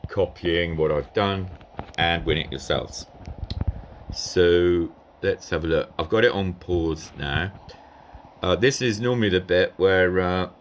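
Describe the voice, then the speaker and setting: A man's voice: low-pitched, fairly bright tone, slight background noise. A man casually commenting over a recording of a strategy game, rambling and hesitant with many ums and asides. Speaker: gameplay commentator.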